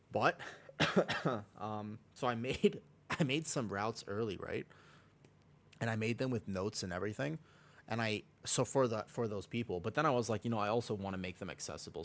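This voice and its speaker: Chatty male streamer with a sore throat. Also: on the low side. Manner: rambling, self-correcting, chatty. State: sore throat, slightly sick. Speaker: game streamer. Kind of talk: casual livestream chat while gaming.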